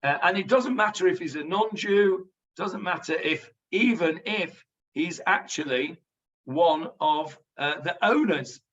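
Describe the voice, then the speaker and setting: Rabbi, bright and forceful voice, teaching online; sits back from the mic, audio dull. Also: male voice, high voice, a little slow, recorded from a distance. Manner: chatty, explains Hebrew words to students. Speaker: rabbi teaching a Talmud class. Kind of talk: online Talmud lesson. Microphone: video call.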